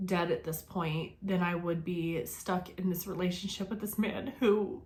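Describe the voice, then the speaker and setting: A woman's voice: fairly low pitch, steady tone, a little slow, a little mellow. Earnest woman in her forties telling her story. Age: 40s. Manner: earnest, reflective, with many fillers and restarts. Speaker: vlogger sharing her life story. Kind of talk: personal storytelling to camera.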